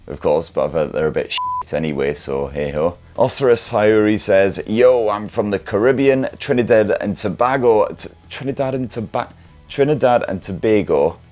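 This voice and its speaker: Sweary tech host, middle-aged, low voice, rambling self-mocking banter. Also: male voice, darkish tone. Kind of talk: casual chat reading viewer comments.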